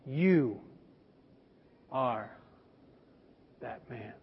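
A man preaching, voicing a solemn older prophet in a low, hushed, measured voice. Long hall reverb, dull lo-fi sound. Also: lively intonation, a little hiss or hum.

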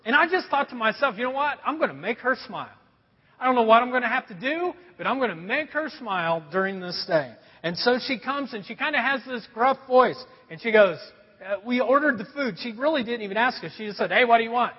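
Pastor, male, high lively voice, husky, muffled recording with long hall echo. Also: a little fast. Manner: conversational storytelling, asks the audience questions. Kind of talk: sermon.

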